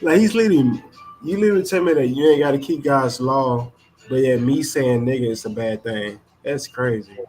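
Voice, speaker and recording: Relaxed man making side remarks. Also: mid-range voice, brisk, soft background music. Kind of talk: casual live chat.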